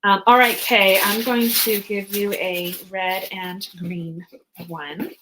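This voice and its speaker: A woman's voice: mid-range voice, flat delivery, takes it slowly, background noise. A young adult woman chatting casually on a live stream while packing boxes, rambling with many fillers, her voice a bit worn. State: voice going hoarse. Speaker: author hosting a live stream.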